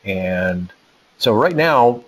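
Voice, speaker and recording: A man's voice: lowish voice, lively intonation, extremely slow, rough recording. A man presenting a technical webinar, walking through a live demo in a casual way with lots of fillers and restarts. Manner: casual, thinks aloud with many fillers. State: out of breath.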